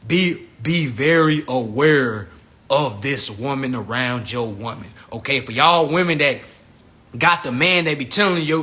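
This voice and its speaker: A man on a casual livestream rant, slangy and animated, swinging from low mutters to shouts and laughing at his own jokes. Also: moderate pace. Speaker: livestream host.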